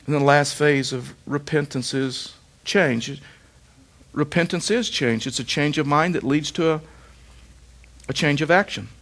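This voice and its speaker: A man's voice: fairly high pitch, measured pace, a bit bright. A middle-aged man pastor preaching a sermon, with emphatic repetition and rhetorical questions.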